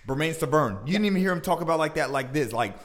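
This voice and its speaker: Animated man arguing boxing on a podcast. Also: fast. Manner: animated, heats up and rises in pitch when arguing. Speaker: podcast co-host. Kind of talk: casual boxing podcast chat.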